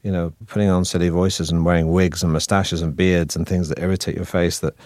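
A man from Manchester with a northern English accent talks as a radio interview guest, rambling in a self-mocking way. His voice sits very low. The recording is dry and close. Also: little pitch movement, a little fast, darkish tone, no echo. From Manchester, England. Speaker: actor guest.

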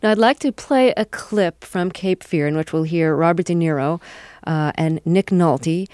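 A woman hosting a radio interview, asking questions calmly. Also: on the low side, normal speed, no echo, studio quality. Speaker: interview host.

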